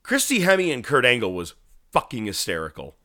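With a mid-range voice and a slightly quick pace, a co-host riffs on wrestling in a casual podcast chat captured in a dry studio setting. Energetic anecdotes, cursing, and acted-out movie quotes fill his talk.

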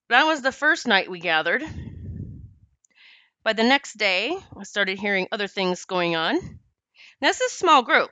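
A woman podcast host telling a personal story in an emotional, animated way. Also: mid-range voice, clear, resonant tone, no echo.

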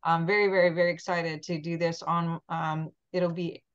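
A woman hosts a podcast with a slightly low voice, chatty and gushing, filling gaps with ums. The sound is dull and lo-fi, as from a video call. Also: level tone, moderate pace, clear, resonant tone. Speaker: podcast host. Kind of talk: casual chat.

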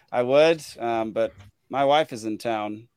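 A man's voice: mid-range voice, a little mellow, smooth, no room sound. Host, man, easygoing chatter with lots of laughs, dry close mic. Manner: laughs often, trails off with ums. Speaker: podcast host. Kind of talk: casual late-night chat. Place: his home, alone with dogs.

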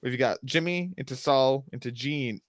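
A man's voice: mid-range voice, moderate pace, dry recording, studio quality. A man chatting casually as a podcast co-host, recapping a TV episode in a rambling, enthusiastic way that keeps interrupting itself.

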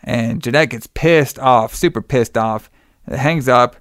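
Recapping a movie's story on a podcast, this young man chats casually and rambles, full of "like" and "you know." His medium-pitched voice is clean and measured, recorded dry in clean studio conditions.

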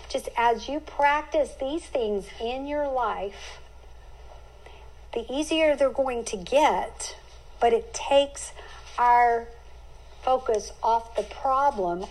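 Slow, earnest middle-aged woman teaching scripture. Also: fairly high pitch, poor audio. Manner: earnest, heartfelt, with homey sayings. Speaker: Bible teacher and podcast host. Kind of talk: podcast Bible teaching.

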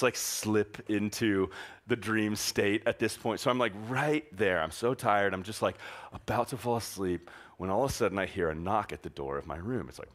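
A young man speaking as a youth pastor tells a camp story in a bright, ringing voice. His talk is animated and loose, packed with fillers and laughter. His pitch sits right in the middle for a man. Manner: animated, filler-heavy, laughing through the telling.

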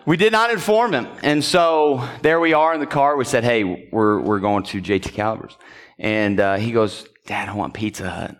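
In a church sanctuary, a pastor preaches a sermon built around a personal story, keeping it loose and conversational. He often checks in with the congregation and chuckles as he tells it. His voice is medium-pitched, clear, and resonant, at a normal speed.

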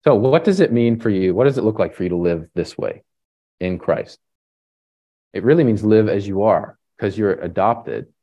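A man preaching a sermon in a relaxed, conversational way, often tagging on "right?" and pausing with fillers. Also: on the low side, lo-fi sound. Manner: halting restarts and fillers. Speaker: pastor.

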